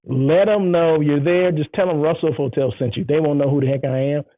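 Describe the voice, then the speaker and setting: A man's voice: fairly high pitch, steady tone, fairly quick, no room sound. A man hosting his own show, chatting casually and enthusiastically, rambling and repeating himself. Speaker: show host. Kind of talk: casual solo show chat. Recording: tinny phone-like sound.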